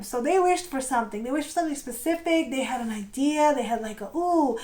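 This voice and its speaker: High-voiced chatty woman reading tarot. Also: expressive, brisk, a little mellow. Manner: chatty and sarcastic, playful quoted voices, laughs often. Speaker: tarot reader. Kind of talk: casual pick-a-card tarot reading.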